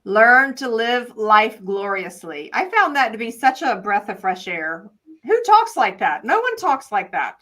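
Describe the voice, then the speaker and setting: A woman hosting a live online study course. She reads passages aloud and comments on them with enthusiasm, slowing right down to stress the key lines. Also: on the high side, very animated, a bit bright, husky, poor audio. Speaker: course host leading a study session.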